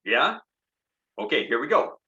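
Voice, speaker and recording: Bright, playful man reading poems to kids. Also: on the low side, moderate pace. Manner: playful and encouraging, leading the audience in sound effects. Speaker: children's poet and songwriter performing for families. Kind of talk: interactive poetry reading for children. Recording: slightly dull, lo-fi online concert recording.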